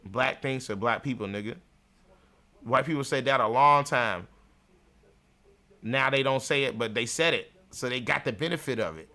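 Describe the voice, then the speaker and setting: A man's voice: mid-range voice, normal speed, pauses often, bright, forceful tone. A man hosting a livestream, delivering a crude, mocking rant with frequent laughter. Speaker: livestream show host.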